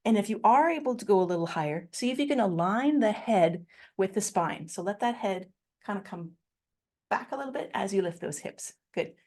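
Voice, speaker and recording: A woman's voice: mid-range voice, lively intonation, brisk, darkish tone. A woman teaching a Pilates class, giving step-by-step cues, encouraging the class, laughing often and correcting herself. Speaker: Pilates instructor. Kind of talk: guided exercise class instruction.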